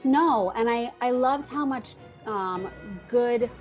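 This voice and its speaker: A woman's voice: fairly high pitch, slow pace, muffled recording, faint music behind. A woman co-hosting a podcast in a casual chat, enthusiastic and supportive. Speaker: podcast co-host.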